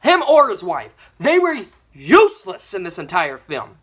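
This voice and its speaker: A young woman giving a ranting movie review, animated and exasperated, with mild swearing. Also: medium pitch, a little slow, breathy edge.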